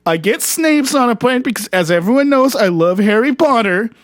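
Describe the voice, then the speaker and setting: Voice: mid-range voice, expressive, moderate pace, dry recording, studio quality, close to an everyday voice. A performer voicing a boastful, crude male frog athlete in improvised comedy banter, rambling and cocky.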